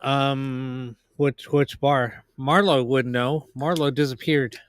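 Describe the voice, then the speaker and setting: A man chatting casually on a live stream, speaking haltingly and repeating words. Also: medium pitch, steady tone, clean tone, no room sound. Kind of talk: casual chat.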